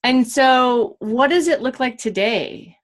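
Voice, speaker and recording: A woman coach hosts a casual interview. She mostly listens with short, supportive murmurs, then asks open questions. Her voice sits a little high. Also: takes it slowly. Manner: brief, supportive backchannels.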